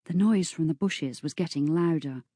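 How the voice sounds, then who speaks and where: A woman reading a story aloud as narrator, in a slow, even storytelling manner. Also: low voice, slightly rough, no echo, studio quality. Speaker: audiobook narrator. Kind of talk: scripted narration.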